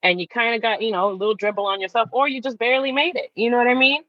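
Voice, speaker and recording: A woman wellness coach, a guest in a casual podcast conversation, talking in an animated way, swearing freely and acting out the voices in her head. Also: fairly high pitch, racing, no echo, dull audio.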